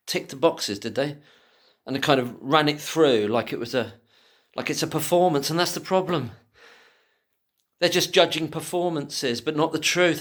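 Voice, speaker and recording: A man giving impassioned solo commentary who swears freely and swings from angry ranting to quiet muttering. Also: fairly high pitch.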